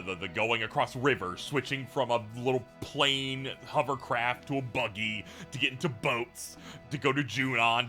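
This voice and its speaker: Animated man doing let's play commentary; bright, cutting voice, swears and laughs a lot. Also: medium pitch. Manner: animated, profane, laughing asides. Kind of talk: video game commentary.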